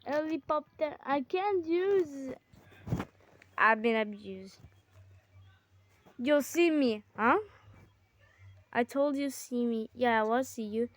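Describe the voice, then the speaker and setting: A woman in casual gaming chat with her sibling, excitable and bickering with quick exclamations. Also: high voice. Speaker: gamer.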